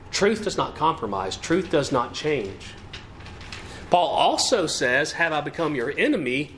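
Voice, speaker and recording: A man's voice: a little high, a bit bright, slight background noise. A man preaching a sermon with emphasis and rhetorical questions. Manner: emphatic, rising and falling delivery with rhetorical questions.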